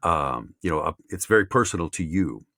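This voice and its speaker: A man mentoring voice actors in a casual chat, halting with many fillers and restarts. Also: deep voice, expressive, pushed and bright, no echo, clean studio sound. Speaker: voice acting mentor.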